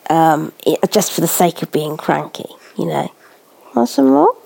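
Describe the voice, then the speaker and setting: A woman vlogging casually while spoon-feeding a baby, cooing in baby talk and often dropping to a soft whisper. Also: sits low, big pitch swings, a little slow, gravelly.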